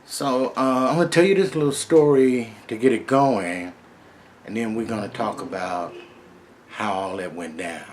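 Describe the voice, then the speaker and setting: A man's voice: fairly low pitch, normal speed, slight background noise. A middle-aged man casually telling a first-person story in a laid-back, streetwise way, with plenty of profanity.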